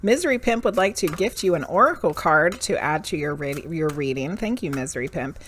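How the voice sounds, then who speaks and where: A woman's voice: deep voice, animated, a little fast, a bit bright, a little hiss or hum. A woman giving tarot readings on a live stream, frank and profane, ranting and then laughing at herself. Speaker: medium and tarot reader.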